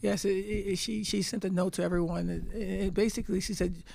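A woman's voice: medium pitch, steady tone, fast talker, vocal fry, warm tone. A woman in her fifties, a head basketball coach answering press conference questions, telling stories emphatically and repeating words as she thinks.

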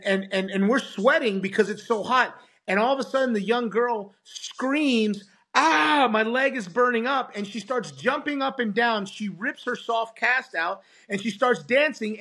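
A man, a pastor, telling a testimony as a podcast guest and acting out the voices of the people in it. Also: extremely high pitch. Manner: animated, acts out quoted voices. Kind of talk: storytelling testimony.

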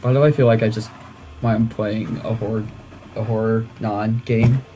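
A gaming video host giving let's-play commentary, excitable and prone to shrieking and laughing between quieter musing. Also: mid-range voice, moderate pace, a little hiss or hum.

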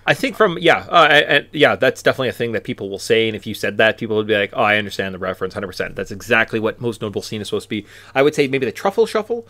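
Male podcast host, animated delivery, dry booth sound, rambling casual talk. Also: lowish voice, racing, hardly any pauses, dry recording. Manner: rambling, tag questions. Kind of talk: casual chat. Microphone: podcast mic.

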